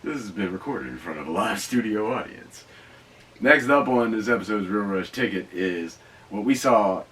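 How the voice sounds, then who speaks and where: Excitable low-voiced man riffing, mic distant. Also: moderate pace. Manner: excitable, profane, rambling with asides. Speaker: podcast host reviewing movies. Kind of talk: casual riffing commentary.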